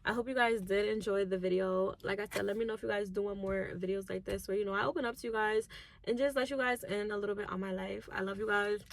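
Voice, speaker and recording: A young woman in her twenties telling her life story in an emotional vlog, soft-spoken and on the edge of tears, with many "like"s. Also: medium pitch, fairly even intonation, fast talker, creaky, dry recording. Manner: soft-spoken, filler-heavy, tearful at times. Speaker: YouTuber and lash tech.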